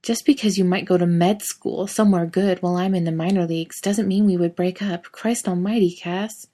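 A woman voicing a young college athlete who is blunt and exasperated and swears a lot, read in a fairly low voice. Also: steady tone, brisk, warm tone, natural voice. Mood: pleading. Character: young adult man, heated college athlete.

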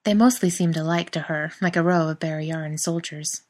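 A woman narrating a story aloud in a calm, even reading voice. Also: sits low, a little fast. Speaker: reader.

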